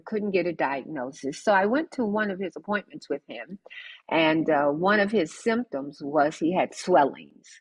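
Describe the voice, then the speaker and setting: An older woman, a podcast guest, telling her story in an animated, emphatic way and acting out the dialogue. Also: deep voice, husky, dry recording, low-quality recording. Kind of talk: conversational storytelling.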